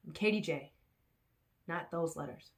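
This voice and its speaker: A woman with a somewhat low voice talks to her camera in a loose, rambling vlog. She repeats her phrases over and over, giving herself a pep talk. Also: a little slow. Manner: repetitive, self-encouraging, rambling. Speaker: vlogger.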